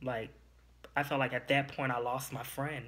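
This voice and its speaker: A man's voice: mid-range voice, level tone, moderate pace, sharp tone. A young man hosting a podcast, telling a personal story in a candid, emotional and confiding way. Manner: emotional, confiding, a little teary. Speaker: podcast host.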